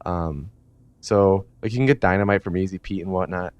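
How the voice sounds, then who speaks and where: Here a man with a deep, clear, resonant voice goes over a video game from memory at a moderate pace, rambling for laughs with plenty of fillers and casual profanity. The recording is dry, with the highs cut off.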